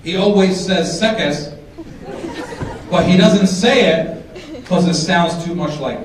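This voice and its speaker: A man doing stand-up comedy, animated and teasing the audience, sometimes shouting his punchlines. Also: high voice, unhurried, a little hiss or hum. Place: large hall with a live audience. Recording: echoey hall, distant mic, crowd.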